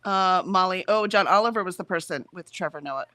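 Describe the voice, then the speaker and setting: A woman's voice: lowish voice, fairly quick, bright, forceful tone, no echo. An American woman co-hosting a livestream in casual chat, reading out viewer comments and laughing often. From United States. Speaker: livestream co-host.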